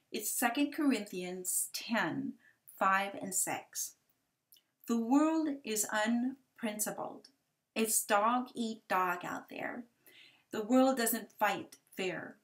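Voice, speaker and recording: A woman in her forties giving a personal testimony talk for a ministry, gentle and halting, with hesitant restarts. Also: medium pitch. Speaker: ministry speaker sharing testimony.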